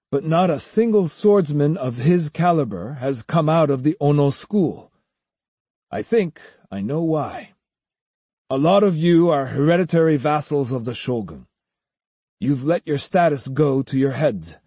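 A stern aging sword master speaks in grave, measured words, as a male audiobook narrator plays him. The voice is husky and dark, close and dry with no room sound. He lectures slowly and firmly. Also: a little high, no room sound. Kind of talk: audiobook character reading.

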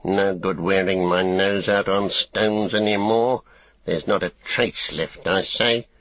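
A man's voice: low-pitched, steady tone, slow pace, a bit bright, no room sound. A man voicing a small, sly orc tracker who snarls and whines. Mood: snarling. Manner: snarling, whining.

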